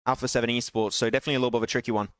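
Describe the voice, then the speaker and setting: A young man casting an online shooter match alone, excitable, his voice jumping up on big plays and laughing at himself between calls. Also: medium pitch, racing, clean tone, no room sound, clean studio sound. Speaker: esports caster streaming solo. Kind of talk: live game commentary with chat asides.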